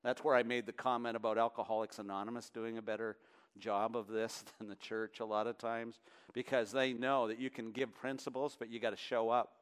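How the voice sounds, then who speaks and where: A man preaching a sermon as pastor. He is impassioned and moves from hushed, low passages to loud, emphatic peaks. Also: level tone, a little fast, clean tone.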